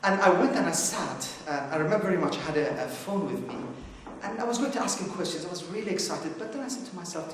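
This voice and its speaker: A man's voice: a little high, expressive, a little fast, slight background noise. Rambling man in an echoey hall. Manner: rambling, anecdotal, many fillers and restarts. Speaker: conference speaker. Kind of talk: informal opening remarks. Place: conference hall. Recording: echoey hall, distant mic.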